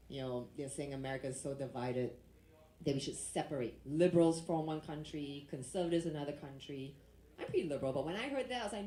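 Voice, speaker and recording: A woman from Asia doing a stand-up set on a comedy club stage, brash and teasing as she works the crowd on a handheld mic. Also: sits low. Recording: roomy club sound.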